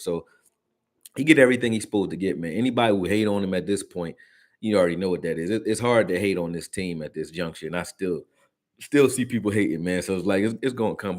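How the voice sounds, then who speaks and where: A man hosting a casual sports reaction stream, talking loosely in slang and answering his viewers as he goes. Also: low-pitched. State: hiccups. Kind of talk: casual live-stream commentary.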